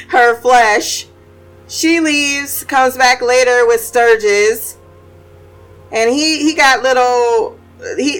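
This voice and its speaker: A woman recaps a show in a relaxed, unhurried voice that sits a bit high. She is animated and laughs easily. Faint music plays underneath her. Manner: animated, laughing, acts out quotes. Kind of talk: casual podcast recap.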